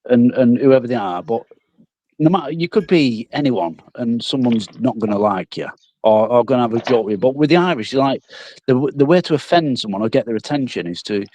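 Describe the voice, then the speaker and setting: A man's voice: mid-range voice, lively intonation, brisk, mellow, no echo. A man in a casual live chat, telling little stories about himself in a chatty, self-deprecating way. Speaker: chat guest.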